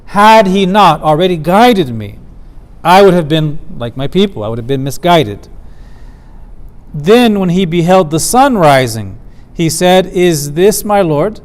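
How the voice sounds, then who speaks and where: A man teaching a theology lecture at a community center, explaining verses in a measured way and slowing down for quoted lines. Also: a little high. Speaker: Islamic studies teacher.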